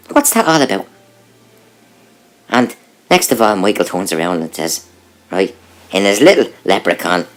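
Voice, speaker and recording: Animated man telling a joke. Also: sits low, normal speed, pauses often, soft background music. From Ireland. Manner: animated, conversational, punchline delivery. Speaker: joke teller. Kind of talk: comic storytelling.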